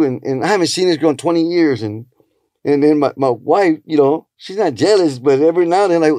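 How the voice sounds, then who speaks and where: A man's voice: animated, fast, darkish tone, no echo, clean studio sound. A comedian telling stories in casual chat, acting out the people he quotes. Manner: storytelling, acting out quotes with shifting pitch.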